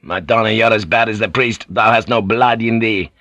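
A man's voice: lowish voice, steady tone, normal speed, sharp tone, no room sound. A man voicing a hot-blooded, proud male captain-general who speaks in a commanding, archaic way. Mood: taunting. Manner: commanding, hostile, archaic speech.

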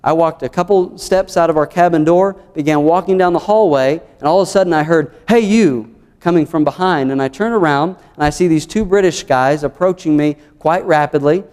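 A man's voice: on the high side, fairly quick, hardly any pauses, darkish tone, smooth, long reverb tail. A man with a Southern American accent, an earnest pastor preaching a sermon through numbered points and scripture. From United States.

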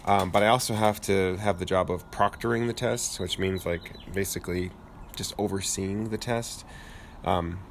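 A man with a lowish voice talking in relaxed casual chat, dry and a little rambling. He sits outdoors on a porch swing, with faint ambient noise around him. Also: moderate pace, gravelly. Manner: laid-back, dry humor, rambling with fillers. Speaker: podcast co-host.

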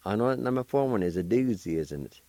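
A man's voice: fairly low pitch, expressive, quick pace, mellow, no room sound. A man hosting a radio language lesson, patiently spelling out letters and syllables one at a time. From United States. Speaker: radio host teaching Cherokee words.

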